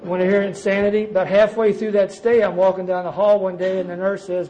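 Man, middle-aged, high voice, self-mocking recovery storyteller. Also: flat delivery, brisk, mellow, slight background noise, poor audio. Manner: folksy, self-mocking, addresses listeners as guys. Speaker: recovery speaker sharing his story. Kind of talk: storytelling talk to a recovery meeting.

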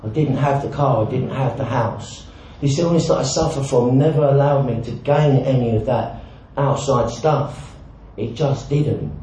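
Speaking at a measured pace with few pauses, this man frankly recounts his recovery in a dark, mid-range voice, mocking himself, swearing now and then, and tagging on "right?". A little hiss or hum sits in the very echoey, dull hall recording.

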